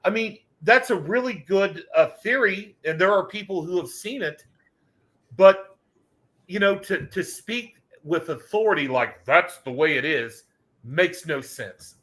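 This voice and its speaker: A man's voice: high-pitched, unhurried, fairly bright tone. An older man speaking as a podcast guest in long, winding, earnest sentences. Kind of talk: casual podcast conversation.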